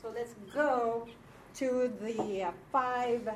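A woman teaching a Hebrew class in a classroom, slow and patient, often checking that her students follow. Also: a little high. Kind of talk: classroom lecture. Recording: echoey room from far off, faint noise.

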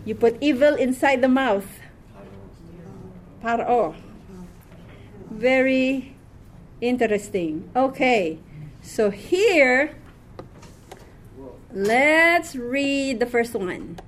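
A woman's voice: a little high, animated, drawn-out words, pauses often, slight background noise. A woman teaching a classroom Hebrew reading lesson, patiently quizzing her students word by word.

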